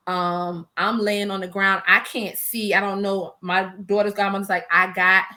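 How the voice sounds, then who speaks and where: A woman in her forties shares her life story in a relaxed interview. She talks in an animated, emotional way, acting out what she said back then and laughing through the rough parts. Her pitch sits in the middle range for a woman. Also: moderate pace. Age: 40s. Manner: animated and emotional, quotes herself, laughs between hard memories. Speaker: small business owner, interview guest. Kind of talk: personal storytelling in a casual interview.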